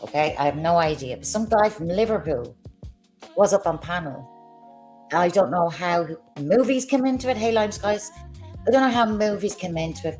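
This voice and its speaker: A woman ranting on a livestream in a combative, sarcastic way, swearing as she talks. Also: mid-range voice. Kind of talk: heated livestream rant.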